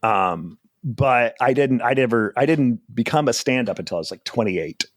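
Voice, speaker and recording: A man's voice: mid-range voice, expressive, moderate pace, dry recording, studio quality. A man in his forties from New Jersey, a comedian chatting as an interview guest in a rambling, self-deprecating way and laughing often. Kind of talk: casual interview chat.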